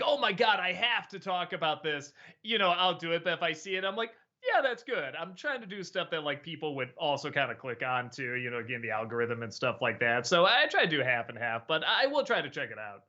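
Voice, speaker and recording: A man's voice: on the high side, animated, fast talker, few pauses, sharp tone, highs cut off. A man hosting a casual live-stream chat, answering viewer questions with many fillers, restarts and easy laughs.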